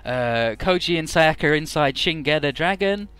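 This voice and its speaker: A man's voice: a little high, animated, normal speed, a bit bright, clear, resonant tone, no echo, faint music behind. A man giving casual, joking commentary over a video game playthrough, summarizing the story in a rambling way. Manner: joking, rambling, paraphrasing characters.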